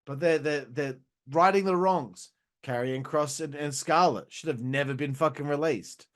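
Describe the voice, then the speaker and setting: A man's voice: fairly high pitch, moderate pace. A man hosting a casual wrestling review who rambles, swears a lot and laughs at his own jokes. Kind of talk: casual profane video review.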